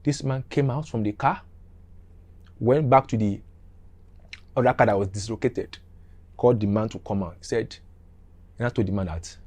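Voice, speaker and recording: A middle-aged man telling a story casually, animated and repetitive, acting out the scenes. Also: lowish voice, normal speed, pauses often.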